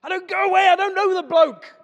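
A man's voice: extremely high pitch, fairly even intonation, a little fast, highs cut off, voice pushed up. A man acting out a frightened, flustered apostle Peter denying he knows Jesus. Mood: panicked denial. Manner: shouting, flustered, protesting. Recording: echoey hall.

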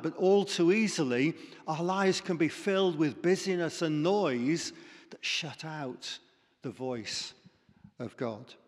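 A male preacher giving a sermon with dramatic storytelling that sinks to near whispers. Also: mid-range voice. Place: church. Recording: long reverb in a church hall.

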